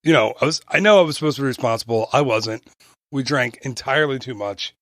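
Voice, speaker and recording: A man's voice: medium pitch, fast talker, fairly bright tone, dry recording, clean studio sound. A man co-hosting a casual travel podcast, rambling and joking, often tripping over his words and restarting. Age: adult. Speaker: podcast co-host.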